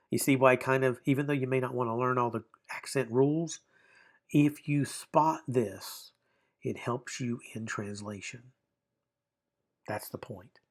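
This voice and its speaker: A man's voice: medium pitch, creaky. A man gives a recorded online grammar lesson in a mid-range voice. He explains patiently and step by step, often restating a point before moving on. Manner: explanatory, repeats and rephrases himself with fillers. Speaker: Greek grammar teacher.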